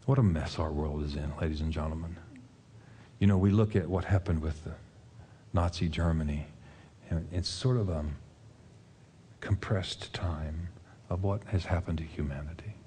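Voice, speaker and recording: A man preaching a sermon as pastor, earnestly retelling a film scene and dropping to a soft, intense voice at moving points. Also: sits low, a little fast, a little hiss or hum.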